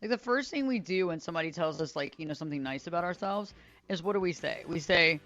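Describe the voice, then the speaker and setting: A woman's voice: fairly low pitch, animated, quick pace, fairly bright tone, lo-fi sound, faint music behind. A woman hosting a radio talk show, speaking conversationally, repeating phrases for emphasis. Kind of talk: solo talk radio monologue.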